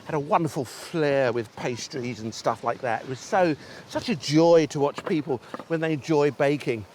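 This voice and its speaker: A man's voice: on the high side, normal speed, a little mellow, slight background noise. A man hosting an outdoor cooking show, chatting enthusiastically and talking straight to the viewers as he demonstrates. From England. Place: outdoors on a beach.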